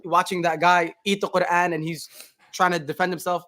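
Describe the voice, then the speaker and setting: Man, fast talker, slightly high voice, podcast co-host, insistent, interrupts. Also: level tone, pushed and bright. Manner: quick, insistent, talks over others. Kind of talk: heated podcast argument.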